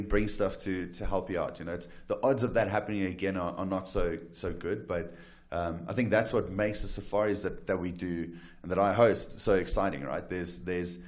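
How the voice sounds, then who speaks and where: A man from South Africa, a wildlife guide and photographer, telling adventure stories as a talk show guest with lively, restart-filled delivery. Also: low voice. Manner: animated storyteller, frequent restarts and "right?". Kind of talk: casual storytelling interview.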